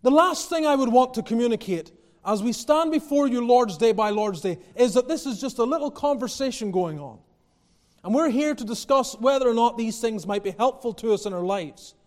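High-voiced preacher in a reverberant hall. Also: male voice, expressive, moderate pace, a little mellow. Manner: preaching with rising intensity and emphatic repetition. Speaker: pastor. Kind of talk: sermon.

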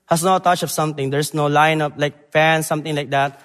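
A young man from the Philippines, preaching a sermon in halting English that moves between loud emphasis and quiet, earnest moments. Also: fairly high pitch, steady tone. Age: young adult. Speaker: preacher, Bible college graduate. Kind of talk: church sermon and missions presentation. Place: church sanctuary. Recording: long church hall reverb.

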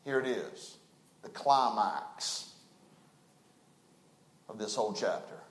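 A man preaching a sermon, folksy and emphatic, swinging from loud to hushed. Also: on the low side, expressive, slow pace, roomy sound.

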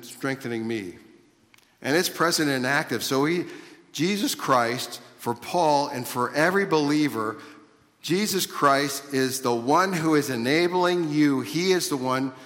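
A man's voice: mid-range voice, fairly bright tone. A male preacher with a mid-range voice delivers an earnest teaching sermon, circling back over his phrases as he explains. His voice carries a long reverb from a large hall. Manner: earnest teaching tone, explaining Greek grammar with repeated phrases and restarts.

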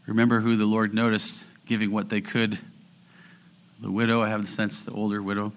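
A man preaching a sermon as pastor, earnest and building to fervent exhortation, sometimes slowing down or dropping to a near whisper for emphasis. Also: lowish voice, level tone, slight background noise.

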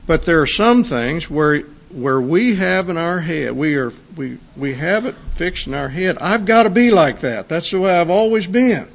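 Guy preaching a sermon, kind of gravelly, reads a story then gets worked up making the point. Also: mid-range voice. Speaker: pastor.

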